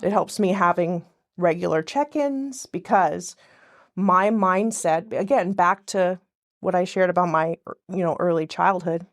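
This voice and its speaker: A woman's voice: fairly low pitch, measured pace. A woman guest in casual podcast conversation, talking in a rambling way that often breaks off and restarts mid-sentence. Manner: rambling, self-interrupting, frequent restarts.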